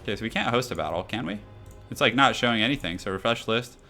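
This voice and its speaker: A man's voice: medium pitch, big pitch swings, fast talker, creaky, bright, forceful tone, faint music behind. A young man casually commenting on his live game stream, chatting loosely and answering chat as he goes. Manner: chatty, reads chat aloud, many fillers.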